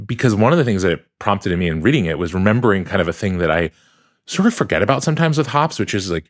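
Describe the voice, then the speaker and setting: Speaking fast and animatedly in a lowish voice, a man co-hosts a podcast from a hotel room. It's a casual chat, and he talks in a thoughtful, rambling way, often restarting his sentences.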